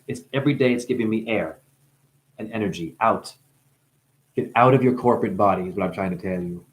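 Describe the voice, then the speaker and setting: A man who is high, talking in a rambling, profane monologue. His voice swings from low mumbling to sudden high exclamations. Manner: profane, playful. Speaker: spiritual video maker.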